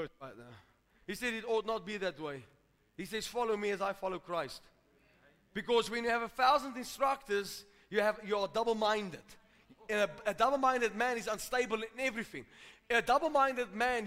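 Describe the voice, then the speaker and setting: This sermon comes from a pastor whose high-pitched voice is sharp, at a normal speed. He preaches emphatically and repetitively, calling out to the congregation in a reverberant church hall.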